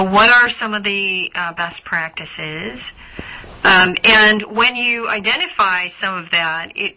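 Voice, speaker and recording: A woman with a very bright, forward voice hosts a live coaching call for members. She talks in a loose, chatty way, full of "uh" and "um" and restarts as she works through listener questions. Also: medium pitch, low-quality recording. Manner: chatty, many fillers and restarts.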